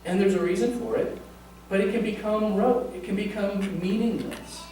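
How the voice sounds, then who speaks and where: High-voiced pastor in an echoey church. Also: male voice, moderate pace, mellow, slight background noise. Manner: conversational, jokes with the congregation. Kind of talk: sermon. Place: church sanctuary. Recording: echoey church from a distant mic.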